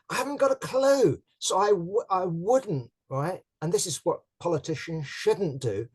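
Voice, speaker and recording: A man's voice: fairly high pitch, darkish tone. An older man from Britain giving casual political commentary, sardonic and rambling, with many fillers.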